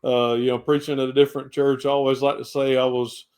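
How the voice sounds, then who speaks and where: Folksy Southern pastor, thick Georgia drawl. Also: male voice, medium pitch, level tone, fast, a little mellow, clean tone. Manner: folksy, rambling, with country sayings. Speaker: pastor and guest. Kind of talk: casual podcast interview.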